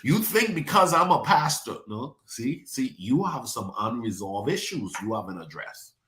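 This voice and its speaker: A man's voice: mid-range voice, very animated, moderate pace, a bit bright, roomy sound. A male pastor, preaching a sermon and calling out to congregation members by name. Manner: preachy call-and-response, addresses congregation by name. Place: church sanctuary.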